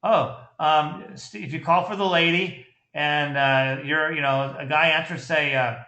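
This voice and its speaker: Male sales coach, blunt and animated, bright voice, roomy sound. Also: on the high side, measured pace, few pauses. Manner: blunt, animated, laughs often. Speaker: sales trainer critiquing a call. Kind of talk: casual coaching commentary. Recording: echoey room.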